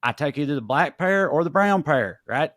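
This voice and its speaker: A man co-hosting a podcast, spinning a long story in a fairly high voice. He swears freely and throws himself into the quoted lines. The sound is close and dry. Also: moderate pace, dry recording. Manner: animated, profane, acts out quoted voices. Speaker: podcast co-host. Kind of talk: casual storytelling chat.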